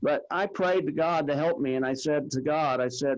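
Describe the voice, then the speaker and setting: A man telling his own story of facing cancer, with halting speech and repeated words. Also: a little high, muffled recording. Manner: halting, repeats words, quotes others plainly. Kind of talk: personal testimony.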